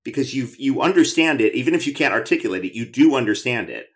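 A man's voice: medium pitch, lively intonation, fast. A man hosting an interview podcast, chatty and enthusiastic, with many restarts as he asks questions. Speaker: podcast host. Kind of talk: conversational interview.

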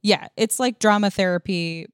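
A woman co-hosts a casual comedy podcast, rattling off jokes quickly and excitedly. Her voice sits at an ordinary pitch and is recorded dry and close, with no room sound. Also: clear, resonant tone, dry recording. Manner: fast, excitable, laughing. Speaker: podcast co-host.

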